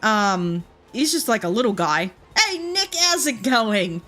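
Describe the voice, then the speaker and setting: An Australian woman streaming a game, chatting casually and rambling through a story with frequent laughs and quick asides. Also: a little high, big pitch swings, pushed and bright, soft background music. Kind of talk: casual chat while playing.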